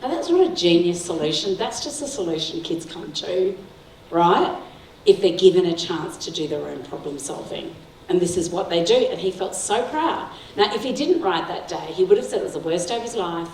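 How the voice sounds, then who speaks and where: Addressing an audience of parents, a middle-aged woman from Sri Lanka delivers a guest talk full of warm anecdotes, frequent laughs, and the repeated question "right?". Her voice is on the low side, animated, and moderately paced. Captured from afar in an echoey school hall, the audio carries slight background noise.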